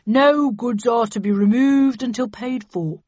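A woman voicing a smug, hard-nosed male auctioneer who talks in a cold, mocking, drawn-out way for an audiobook. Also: fairly high pitch, darkish tone, no room sound. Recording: dull dry studio recording.

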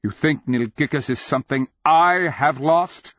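A man voicing an ancient, inhuman sorcerer king who is mad and grandiose, speaking in a booming, declamatory way for an audiobook. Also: fairly even intonation, normal speed, no echo, close to an everyday voice. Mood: scornful. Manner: booming, declamatory, swings into roaring fury. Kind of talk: audiobook character voice. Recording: dull lo-fi audio.

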